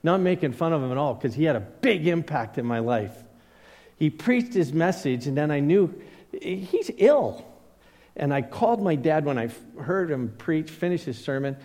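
Preaching in a large hall, a middle-aged pastor tells personal stories and acts out the voices of the people he quotes. His voice is a little high, expressive and a little mellow, at a moderate pace.

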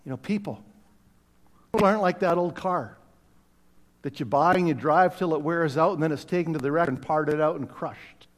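High-voiced male pastor in a reverberant hall. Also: moderate pace, long pauses. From Canada. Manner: conversational storytelling with self-deprecating humor. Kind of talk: sermon. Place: church sanctuary. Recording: long reverb of a church hall.

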